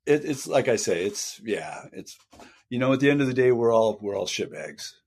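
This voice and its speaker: An older man with a mid-range voice reminisces in a relaxed podcast chat. He rambles through his stories and runs himself down with a laugh. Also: medium pitch, moderate pace, husky. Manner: rambling, self-deprecating storytelling. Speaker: guest, punk band singer.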